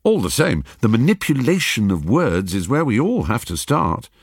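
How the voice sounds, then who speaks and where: A man's voice: medium pitch, very animated, normal speed, breathy edge, no room sound. A man presenting and narrating a radio documentary in a witty, playful scripted delivery.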